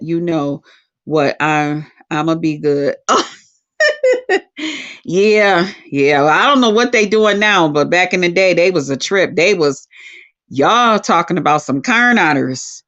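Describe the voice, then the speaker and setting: Woman, livestream host, casual profane storytelling, very expressive pitch, lo-fi sound. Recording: lo-fi dull sound.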